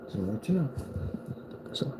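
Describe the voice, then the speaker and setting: A man's voice: a little fast, noisy background. A man delivering a boastful, taunting rant at a rival screen maker, repeating himself for emphasis. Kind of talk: trash-talking rant at a rival.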